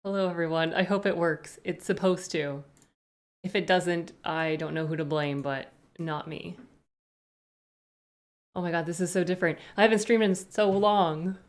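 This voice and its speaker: Woman, live-stream host, slightly low voice, rambling and chatty while greeting chat. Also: steady tone, normal speed, pauses often. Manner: chatty, rambling asides, greets viewers one by one.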